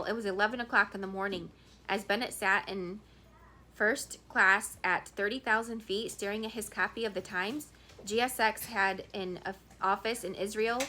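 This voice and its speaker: A woman reading a thriller novel aloud in a steady storytelling manner, with a few small restarts. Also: medium pitch. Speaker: audiobook reader.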